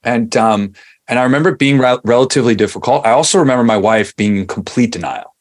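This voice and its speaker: A man in his forties from Long Island, New York, telling his story as a podcast guest in a relaxed, chatty way with plenty of fillers and restarts. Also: mid-range voice, fast. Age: 40s. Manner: conversational, many fillers and restarts. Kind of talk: casual interview storytelling.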